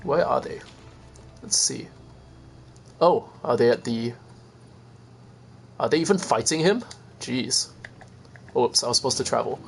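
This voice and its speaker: A man in the middle pitch range talks his way through a game stream, rambling and loose. He chats to his viewers and pokes fun at himself. A faint hiss sits under his voice. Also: expressive, unhurried, creaky, pauses often. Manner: rambling, chatty, self-deprecating. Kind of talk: casual gameplay commentary.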